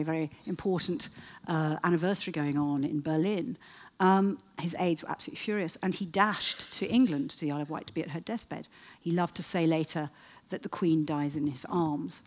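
A woman giving a history talk to an audience, telling it as a lively story with wry asides and frequent fillers. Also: low voice, slight background noise. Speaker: historian lecturer. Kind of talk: storytelling lecture.

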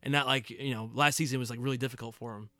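Guy co-hosting a show review podcast, laughs a lot, bright sharp voice, dry close sound. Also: medium pitch, steady tone, racing, no echo. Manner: laughs often, acts out lines in funny voices. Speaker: podcast co-host. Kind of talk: casual TV review chat.

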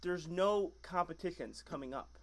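A man's voice: on the high side, normal speed, a bit bright. A man hosting a casual podcast chat, speaking in an earnest, emphatic way.

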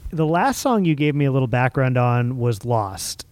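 Mellow-voiced male interviewer asking thoughtfully. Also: medium pitch, big pitch swings, moderate pace, no echo. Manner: thoughtful, probing questions. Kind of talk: interview questions.

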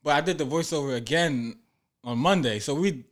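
A man's voice: on the high side, normal speed. A man talking casually about making his web series, loose and laughing often. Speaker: web series creator and actor. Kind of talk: casual podcast chat.

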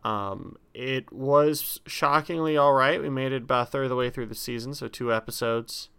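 Young guy co-hosting, blunt ranty jokes, gravelly but bright and clear. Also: mid-range voice, normal speed. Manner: blunt, ranting comic delivery. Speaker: podcast co-host. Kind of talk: casual chat.

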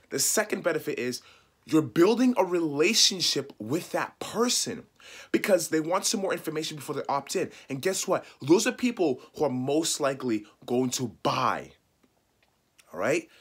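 A man's voice: medium pitch, expressive, a little slow, fairly bright tone, husky. Pleading, emphatic male marketing coach. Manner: emphatic, pleading, repeats points; acts out sample calls and texts. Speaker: marketing coach for loan officers. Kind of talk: direct-to-camera teaching talk.

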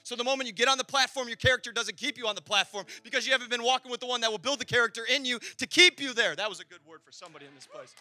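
A man preaching a passionate sermon in a church, swinging between loud and quiet. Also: very high voice, racing, few pauses. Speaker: pastor. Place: church hall.

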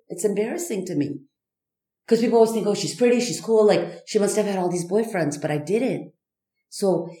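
A woman speaking candidly as a podcast guest, halting and searching, with many fillers and restarts. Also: deep voice, dark tone, reverberant. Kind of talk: candid personal conversation.

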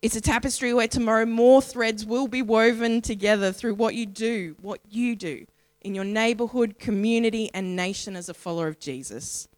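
An Australian woman speaking at a church in a sermon style, building long rhythmic lists with measured pauses. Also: fairly high pitch, darkish tone, no room sound. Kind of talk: sermon-style spoken reflection.

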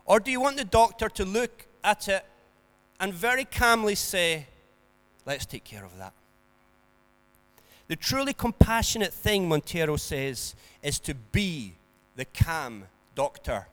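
Male preacher, earnest sermon delivery, unhurried, reverberant hall sound. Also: fairly high pitch, expressive. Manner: earnest, builds to emphatic peaks then drops soft.

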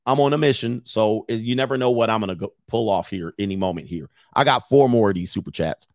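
A man's voice: fairly low pitch, quick pace, a little mellow, no echo, studio quality. A man hosting a live stream as a life coach, ranting bluntly and profanely, laughing between points, repeating phrases, and answering viewers' super chats. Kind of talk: casual livestream rant answering super chats.

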